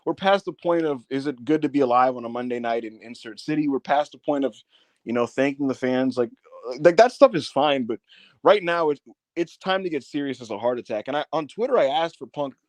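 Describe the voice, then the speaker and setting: A man's voice: mid-range voice, brisk, no room sound. A man co-hosting a wrestling review podcast in loose, slangy banter, laughing often. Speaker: podcast co-host. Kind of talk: casual wrestling review chat.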